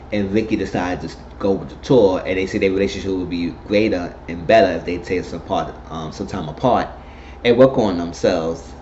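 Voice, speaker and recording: A man giving a casual, animated spoken recap of a TV episode, retelling scenes and quoting the characters. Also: deep voice. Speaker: TV recap host. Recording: dull lo-fi recording with faint noise.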